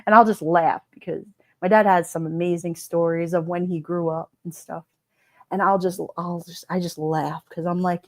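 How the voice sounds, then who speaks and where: A woman's voice: lowish voice, steady tone, moderate pace, no room sound, clean studio sound. A woman with a Brooklyn accent hosting a casual live stream, chatting, reading out viewer comments and laughing often. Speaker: livestream host.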